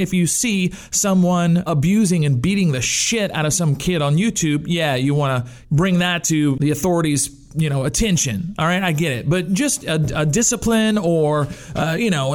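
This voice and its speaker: Profane ranting man with a high-set voice. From United States. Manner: profane, sarcastic, animated. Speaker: podcast host. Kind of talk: ranting comedic monologue.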